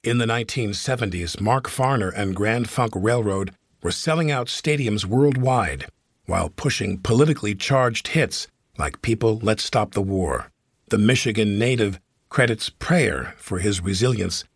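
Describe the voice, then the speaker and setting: A man's voice: on the low side, animated, normal speed, slightly rough, no echo, clean studio sound. A man hosting an interview podcast, asking questions in a playful, joking way. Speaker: podcast host. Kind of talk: conversational interview.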